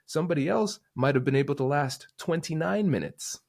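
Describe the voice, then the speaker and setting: A man guest on a podcast interview, explaining negotiation in an energetic, emphatic way. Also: a little high, a little fast, creaky, no echo, clean studio sound. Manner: energetic, emphatic, acts out quoted voices.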